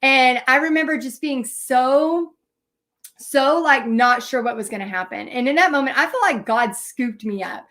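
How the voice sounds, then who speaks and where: Woman, high register, paint party instructor; casual, rambling storyteller with frequent fillers. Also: expressive, moderate pace, fairly bright tone. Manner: chatty, frequent fillers and restarts. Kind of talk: live painting lesson with personal storytelling.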